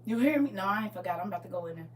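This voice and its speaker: A woman pastor talking casually on a live stream about faith, swinging from loud exclamations to hushed asides. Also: medium pitch, animated, very fast, far from the mic, a little hiss or hum.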